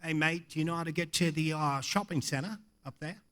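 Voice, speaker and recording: A man voicing a blunt, gruff Australian man in a told story. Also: on the high side, a little fast, fairly bright tone, pitched below the performer's own voice, lightly acted. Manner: blunt, swears.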